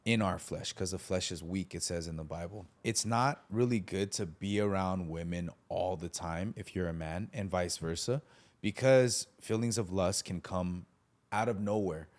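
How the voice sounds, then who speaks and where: A man in casual conversation about faith, telling stories with animation and acting out the voices of people in them. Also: deep voice. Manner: animated storyteller, acts out voices in anecdotes.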